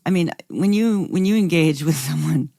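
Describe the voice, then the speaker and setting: Brief: woman co-host, very low voice, dead-dry sound, slow reflective musing. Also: gravelly, mellow, dry recording. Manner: reflective, drawn-out musing with acted inner voices. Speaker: podcast co-host. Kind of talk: casual chat.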